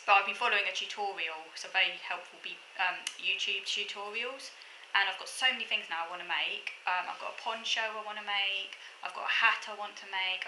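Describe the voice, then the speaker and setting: A woman's voice: medium pitch, pushed and bright, a little hiss or hum. A woman in her forties chatting at home about her crafting plans, rambling through lists with many fillers. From Wales. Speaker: vlogger. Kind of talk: casual chat about crafting. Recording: echoey room.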